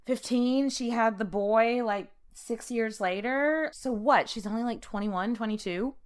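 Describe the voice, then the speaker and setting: A woman's voice: a little high, a little slow, smooth. A young adult woman co-hosting a podcast in casual chat, telling a story with a lot of profanity and acted-out quotes. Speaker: podcast co-host.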